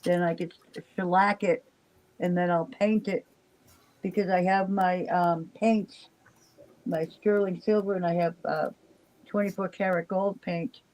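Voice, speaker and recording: The voice is an older woman's, on the low side, steady, a little slow and slightly mellow, heard through poor audio. Worn out, she chats casually on a live stream, rambling and trailing off with fillers.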